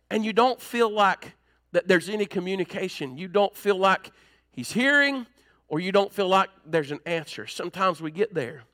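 A male pastor delivering an emphatic sermon, climbing higher as he presses his points. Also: expressive, moderate pace, bright, forceful tone. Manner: emphatic, rising in pitch when preaching hard.

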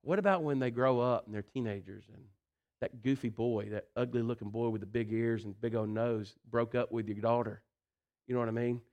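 Heard in lo-fi sound, a man preaches a folksy, animated sermon in a mid-range voice, a little fast. He moves between loud emphasis and quiet intensity, often using "listen" and "you know."

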